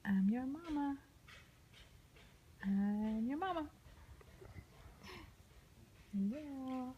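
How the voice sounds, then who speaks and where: Coaxing mother in lively baby talk. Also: sits high, extremely slow, phone-quality sound, a little hiss or hum. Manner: coaxing, sing-song, often half-whispered.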